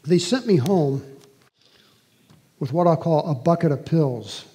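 A man giving a talk and recounting a personal experience in an earnest, halting conversational way, with fillers and restarts. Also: a little high, animated, dark tone.

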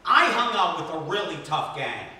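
Lively high-voiced man on an echoey stage. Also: moderate pace. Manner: animated, jokey, self-deprecating. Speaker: stand-up comedian. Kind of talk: stand-up comedy set. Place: stage at a benefit concert in a temple. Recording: echoey room from far off with faint ambience.

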